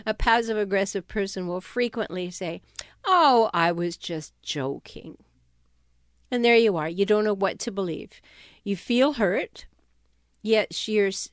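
A woman giving advice on toxic relationships in an emphatic, animated way. She sometimes drops her voice to act out quoted sarcastic remarks. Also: medium pitch, no echo, studio quality. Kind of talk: talking-head advice video.

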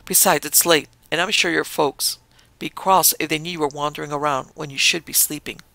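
A man's voice: fairly high pitch, steady tone, brisk, vocal fry, no room sound. A man voicing a kindly old cowboy ghost. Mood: gentle. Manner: soft, kindly coaxing drawl. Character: ghost of an old Western man, tall, gentle and kind.

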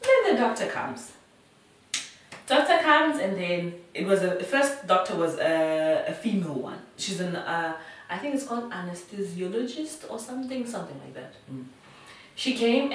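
A young woman vlogger telling a personal story to camera in a casual, animated way, often acting out what others said. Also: lowish voice, normal speed, recorded from a distance, slight background noise. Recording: echoey room, voice away from mic.

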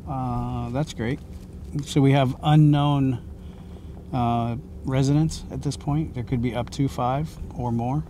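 A man at a middling pitch trades quick, agreeable banter with his partner. Clear road and car noise runs under his voice. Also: fairly even intonation, mellow. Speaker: bounty hunter partner. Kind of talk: casual chat.

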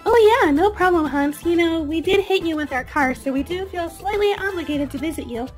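Woman doing matter-of-fact young princess, very high pitch. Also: brisk, faint music behind. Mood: wry. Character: young princess sisters, dry and teasing. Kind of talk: toy play voice acting.

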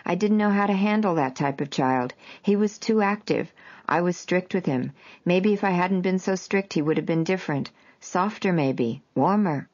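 A woman's voice: lowish voice, moderate pace, darkish tone, close to an everyday voice. A woman voicing an elderly, fretful mother who talks regretfully about being too strict, in a worried, scolding way. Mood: rueful. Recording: dull lo-fi audio.

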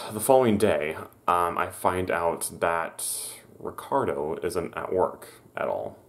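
This man's voice sits very low, and he recounts a personal story straight to his viewers. He talks haltingly, restarting sentences and correcting himself as he remembers. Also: animated, gravelly. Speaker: vlogger.

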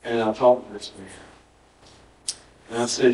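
Pastor preaching in an echoey church. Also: male voice, medium pitch, level tone, a little slow, a little mellow. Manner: storytelling, quoting dialogue with emphatic repetition. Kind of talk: sermon. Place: church sanctuary. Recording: roomy church audio, mic at a distance.

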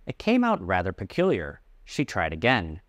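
A man teaching English, reading a story aloud and clearly explaining words along the way. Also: deep voice, wildly swooping pitch, moderate pace, a bit bright, no room sound, studio quality.

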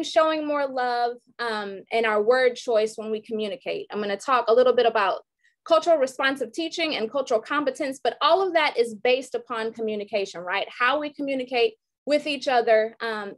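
High-voiced woman presenting on a video call. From Detroit, raised in Georgia. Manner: rhythmic, rhyming poetic delivery. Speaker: workshop presenter, educator. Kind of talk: online workshop talk with a spoken-word poem.

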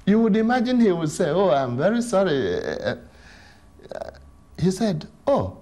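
Guy explaining church teaching, higher voice, swoops up and down a lot, keeps asking who are we. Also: a little slow. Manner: animated, emphatic, asks rhetorical questions. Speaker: Catholic teacher answering catechism questions.

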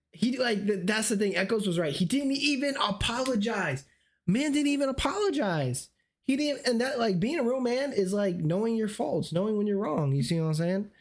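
Slangy young-sounding streamer guy, losing his voice. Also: high-pitched. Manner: slangy, repeats "you see what I'm saying". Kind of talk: casual live-stream commentary.

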